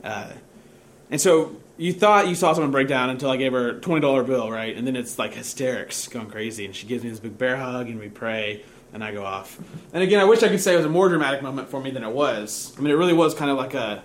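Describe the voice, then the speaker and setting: Self-mocking casual pastor telling a story. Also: male voice, medium pitch, fairly quick, a little hiss or hum. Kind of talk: sermon storytelling.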